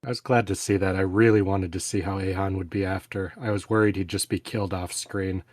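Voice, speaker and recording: A man co-hosting a casual book discussion podcast, relaxed, with frequent "you know" fillers. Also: low-pitched, a little fast, dry recording, clean studio sound. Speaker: podcast co-host.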